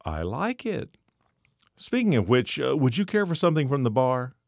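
A man's voice: mid-range voice, sing-song, moderate pace, gravelly, dry recording, clean studio sound, pitched above the performer's own voice. A man reading the lines of a scheming bartender in his forties, conspiratorial and hesitant.

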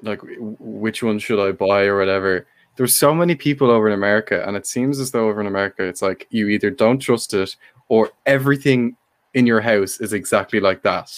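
A man's voice: fairly low pitch, brisk, no echo. Young man rambling in a dry room. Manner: rambling, full of "like" fillers, laughs often. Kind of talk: casual group chat.

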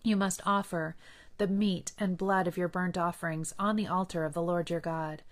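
A woman reading Bible passages aloud in a measured, earnest manner. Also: lowish voice, steady tone. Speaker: scripture reader.

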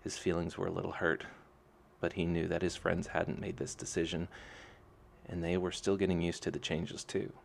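A man reads a fantasy novel aloud in a calm, even storytelling manner. His voice sits very low with a gravelly edge, and a faint hiss runs behind the reading. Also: normal speed. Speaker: narrator.

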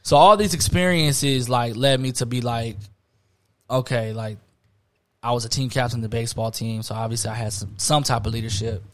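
Young socal guy, chill storytelling, lots of slang and fillers, mid pitch. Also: brisk, fairly bright tone. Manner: laid-back, heavy slang, many fillers. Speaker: podcast host. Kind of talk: casual storytelling chat.

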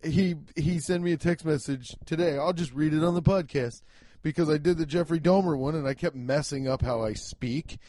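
A young man hosting a casual solo podcast, talking loudly and emphatically, swearing and poking fun at himself. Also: fairly high pitch, moderate pace. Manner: loud, emphatic, swearing, self-mocking. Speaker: podcast host. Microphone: home podcast mic.

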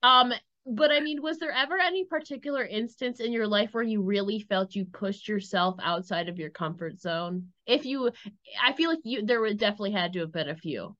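A woman's voice: medium pitch, lively intonation, brisk, fairly bright tone, highs cut off. A woman hosting a podcast, asking earnest, rambling questions full of fillers. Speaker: podcast host. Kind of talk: interview questions.

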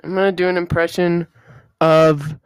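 A woman's voice: on the low side, flat delivery, normal speed, smooth, dry recording. A woman co-hosting a casual podcast chat with friends, playful and giggly as she jokes about doing impressions. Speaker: podcast co-host.

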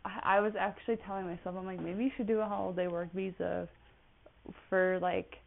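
A woman's voice: fairly low pitch, fairly even intonation, fairly quick, gravelly, slight background noise. A woman in her twenties rambling through a casual personal monologue, with many "like" fillers. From United States. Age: 20s. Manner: rambling, chatty, full of "like" fillers. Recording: tinny phone-like audio.

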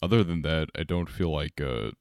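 A man's voice: extremely low pitch, moderate pace, darkish tone, clean tone, dry recording. A young man co-hosting a casual podcast, talking in a laid-back, rambling way with frequent laughs. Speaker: podcast co-host.

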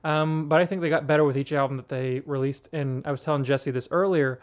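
A man's voice: a little high, steady tone, fast talker. A man co-hosting a casual podcast, chatting about beer and music in a playful, joking way with lots of fillers and restarts. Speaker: podcast co-host.

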